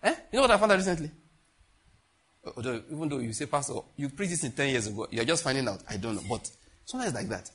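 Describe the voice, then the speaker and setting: A man preaching a sermon as pastor, repeating phrases and swinging between loud and hushed delivery. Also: mid-range voice, very animated, fast talker, a little hiss or hum.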